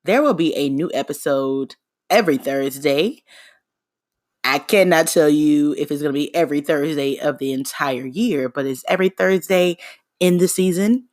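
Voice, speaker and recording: A woman's voice: sits low, moderate pace, darkish tone, no echo, studio quality. A woman hosting her own podcast, talking alone in a playful, sarcastic, chatty way. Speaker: podcast host. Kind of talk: casual solo podcast monologue.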